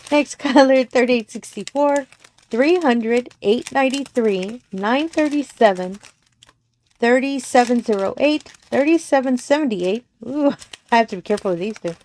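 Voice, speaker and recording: A woman's voice: on the high side, darkish tone, a little hiss or hum. Giggly woman gushing over crafts. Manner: giggly, gushing, apologizes often. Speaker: crafting channel host. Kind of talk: casual unboxing narration. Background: crinkling plastic packaging.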